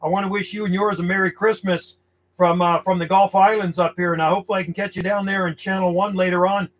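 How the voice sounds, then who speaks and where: High-voiced man calling on CB radio. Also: level tone, fast, low-quality recording. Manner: friendly, repeats call signs, easygoing chatter. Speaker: CB radio operator. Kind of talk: radio calling with call signs.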